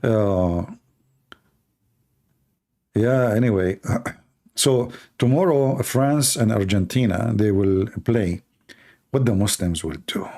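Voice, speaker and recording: Live-stream host, male, Arabic native from the Middle East, gravelly and dark, loose joking ramble. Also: fairly low pitch, takes it slowly, long pauses. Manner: rambling, joking, reacting to chat. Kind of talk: casual live-stream chat.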